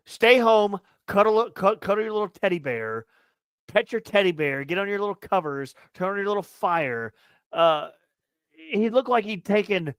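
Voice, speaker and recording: A young man co-hosting a casual sports podcast, ranting loudly and profanely with a lot of repetition. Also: a little high, no echo. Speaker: podcast co-host.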